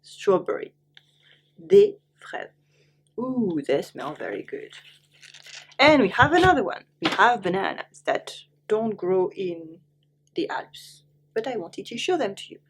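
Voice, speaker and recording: A woman with a French accent teaching French, saying each word twice slowly and then translating it into English. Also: medium pitch, very animated, slight background noise. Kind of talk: online language lesson.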